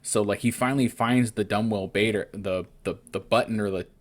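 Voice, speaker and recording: A man's voice: lowish voice, steady tone, a little fast. A man on a video call casually retelling a horror movie's plot for a podcast, with lots of fillers and quoted lines. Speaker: podcast co-host. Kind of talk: casual movie review chat.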